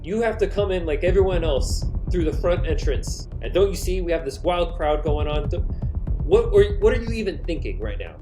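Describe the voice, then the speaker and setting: A man doing a shrill, frantic store clerk. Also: lively intonation, a little fast, over music, lightly acted, low-quality recording. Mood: exasperated. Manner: shrill, exasperated scolding. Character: frantic high-voiced male store employee.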